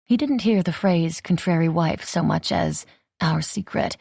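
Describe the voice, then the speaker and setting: A woman narrating a romance audiobook in an even, measured reading. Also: lowish voice, vocal fry, breathy edge, no echo, clean studio sound. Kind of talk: scripted narration.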